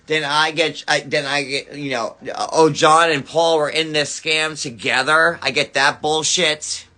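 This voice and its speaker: Male streamer, furious profane rant, stammers, bright edgy tone, slow delivery. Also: on the high side, steady tone. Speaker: livestreamer. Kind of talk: angry ranting livestream. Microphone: phone.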